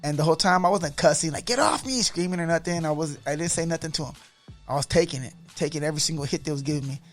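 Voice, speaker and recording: A man as a podcast guest telling a story in an animated, excitable way, often repeating his words. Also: a little high, very fast, soft background music.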